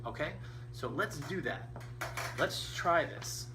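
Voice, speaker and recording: A man's voice: fairly high pitch, animated, slow. Patient man teaching beginner band. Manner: patient, encouraging, counting beats aloud. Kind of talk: instrumental lesson. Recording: distant mic with faint noise.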